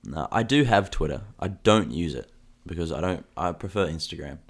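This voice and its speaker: Deep-voiced man joking on a podcast. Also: expressive, normal speed, husky. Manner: jokey, swears freely, laughs often. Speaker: podcast co-host. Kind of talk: casual chat.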